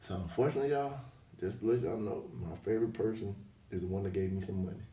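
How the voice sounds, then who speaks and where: A man hosts a casual podcast chat in a loose, joking way, full of slang. His pitch jumps around a lot. He sits back from the mic in a roomy, echoing space with faint noise behind him. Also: expressive, fast, warm tone. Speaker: podcast host. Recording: echoey room, mic at a distance, faint noise.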